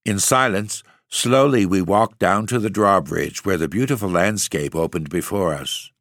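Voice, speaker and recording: Deep-voiced male storyteller, measured. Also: fairly bright tone, no echo, clean studio sound. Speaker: narrator, podcast host. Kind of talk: gothic audiobook reading.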